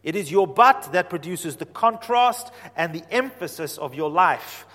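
A man preaching a sermon, animated, swinging from quiet explanation to loud emphatic points. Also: high voice, measured pace. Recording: reverberant hall.

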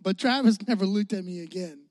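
A young man from the Chicago area preaching to a youth group, telling a funny story in an animated, joking way. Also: sits high, brisk, no room sound, studio quality. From Chicago area, United States. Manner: animated, joking, talks to the audience. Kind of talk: storytelling sermon.

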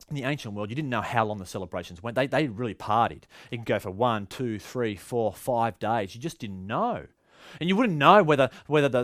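A man's voice: medium pitch, fairly bright tone, dry recording, clean studio sound. A male pastor with an Australian accent, giving a sermon in a conversational, storytelling way with frequent restarts.

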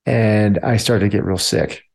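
This army veteran speaks a little slowly in a lowish, slightly mellow voice with vocal fry. He tells his story casually, leaning heavily on "like" and "you know."

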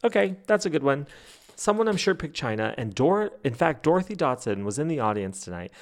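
Gravelly man whisper-chatting late at night. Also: a little high, brisk. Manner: chatty, excitable, joking. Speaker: podcast host. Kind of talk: casual fan chat. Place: hotel room at night.

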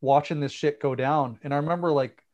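A man telling an animated tour story in casual chat, swearing and acting out what people said. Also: a little high, brisk, highs cut off.

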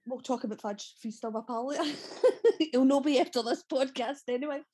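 In a high, dark voice with a breathy edge, a thirty-something Scottish actress speaks briskly in her Glaswegian accent. She's a guest on a casual podcast interview, telling stories chattily, laughing often and swearing freely.

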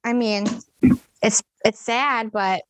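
Rambling, animated woman telling a story. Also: fairly high pitch, slow pace. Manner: rambling, animated storyteller with many fillers and restarts. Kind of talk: casual storytelling chat.

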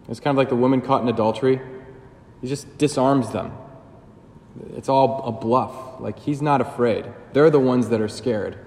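A man's voice: mid-range voice, steady tone, normal speed, darkish tone, reverberant, long reverb tail. A man giving a sermon as a priest, talking casually and conversationally with fillers and joking asides.

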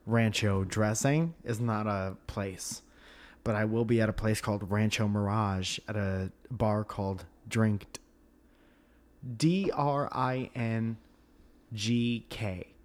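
A man's voice: fairly low pitch, slow pace. A man hosting a podcast, chatting casually and joking while plugging his stand-up dates. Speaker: comedian and podcast host. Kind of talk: casual chat.

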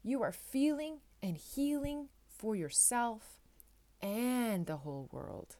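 A woman hosting a solo podcast, speaking gently and reassuringly in heartfelt, repeated affirmations, a little tearful at times. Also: fairly high pitch, sing-song, takes it slowly. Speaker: podcast host.

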